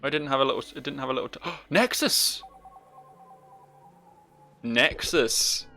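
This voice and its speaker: A man's voice: medium pitch, fairly even intonation, quick pace, bright, forceful tone, a little hiss or hum. A man casually commenting on a game as he plays, rambling, self-mocking and swearing freely. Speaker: let's play host.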